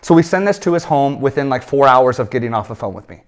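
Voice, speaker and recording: A man in his thirties, a business coach, telling a sales story in an energetic coaching talk and acting out the people in it. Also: mid-range voice, quick pace. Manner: animated storytelling, acts out quoted voices.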